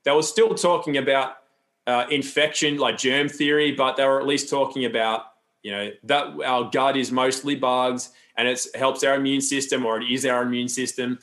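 A man's voice: mid-range voice, fairly even intonation, moderate pace, fairly bright tone. A man talking as a podcast guest, loose and rambling, with frequent restarts and asides. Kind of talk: casual interview talk.

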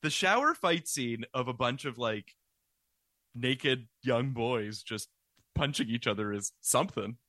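A man co-hosting a podcast in loose, rambling chat. His bright voice leaps around in pitch as he talks. The sound is dry and close. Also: unhurried, no room sound. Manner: rambling, animated, many fillers. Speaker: podcast co-host. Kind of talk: casual chat.

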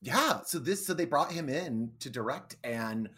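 A woman co-hosting a casual podcast, talking expressively and swinging between loud and soft. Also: extremely low pitch, lively intonation, measured pace, breathy edge. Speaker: podcast co-host.

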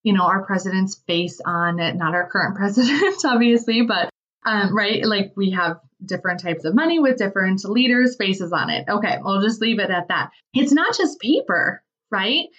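A woman's voice: medium pitch, animated, moderate pace, a bit bright. A woman giving a casual motivational talk about money, chatty and full of "like" and "right?" asides. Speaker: business owner and money mindset speaker. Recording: slightly distant, dull lo-fi sound.

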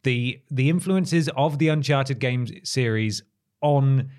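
A man's voice: mid-range voice, darkish tone. A man co-hosting a casual film review podcast, chatty and wry. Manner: chatty, wry, quick asides. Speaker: podcast co-host.

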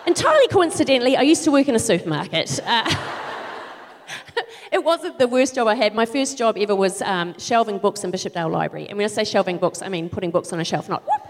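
A middle-aged woman doing live stand-up comedy, ranting in exasperation with sudden shouted outbursts. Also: mid-range voice, lively intonation, a little fast. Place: large theatre stage. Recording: live theatre with long reverb.

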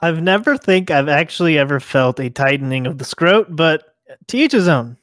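A man co-hosting a podcast in crude comedic chat, giggly, halting and incredulous. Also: on the high side, lively intonation, fairly bright tone, no echo, studio quality. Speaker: podcast co-host.

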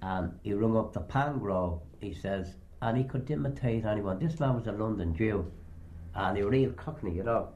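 A man's voice: lowish voice, normal speed, a little mellow, lo-fi sound, slight background noise. An older man recounting anecdotes in a rambling, anecdotal way, acting out the voices of the people he quotes. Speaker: storyteller. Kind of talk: oral history reminiscence.

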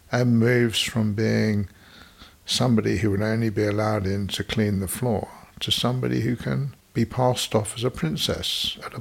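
A man's voice: lowish voice, vocal fry, slightly rough. An older man telling stories from his past in a digressive, wry way, as a podcast host reminiscing. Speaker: podcast storyteller recalling his business past. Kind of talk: reminiscing monologue.

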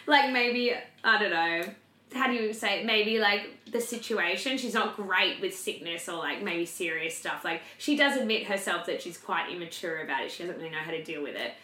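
A woman's voice: on the low side, expressive, moderate pace, pushed and bright. A young woman, casually telling a story as a podcast co-host, full of fillers and swearing. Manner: chatty, filler-heavy, swears freely. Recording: roomy echo.

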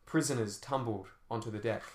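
A man's voice: medium pitch, brisk, a little mellow. A man narrating an action novel as an audiobook, telling fight scenes dramatically with shifting pace. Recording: roomy echo.

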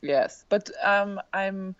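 A woman's voice: medium pitch, slow pace, dry recording, muffled recording. A woman in her thirties whose first language is German, chatting playfully as an interview guest and laughing at herself, from a hotel lobby. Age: 30s. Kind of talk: casual chat.

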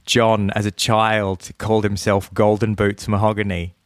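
Aussie guy chatting on a podcast, deep-ish, laughs heaps, stumbles over words, dry mic. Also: level tone, a little slow, dry recording. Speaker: podcast co-host. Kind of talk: casual chat.

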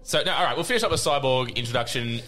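A man's voice: medium pitch, animated, quick pace, sharp tone, a little hiss or hum. A man, hosting a casual podcast, joking and teasing his co-hosts and laughing often. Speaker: podcast host.

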